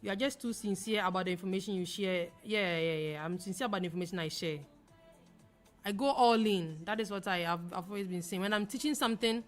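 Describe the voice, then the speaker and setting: Woman, young adult, from Ghana, fast talker, reads comments aloud, casual livestream chat, faint music. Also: medium pitch, a bit bright. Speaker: forex trading livestream host.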